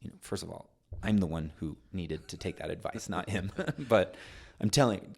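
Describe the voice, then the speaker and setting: A middle-aged podcast guest talks at normal speed in a low, breathy voice with vocal fry, barely pausing. He tells anecdotes in conversation, animatedly acting out the voices, with frequent restarts and phrases that trail off.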